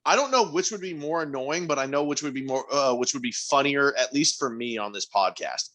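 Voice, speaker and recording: Man, podcast co-host, bright tense voice, animated joking, swears a lot. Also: medium pitch, a little fast. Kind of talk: casual banter.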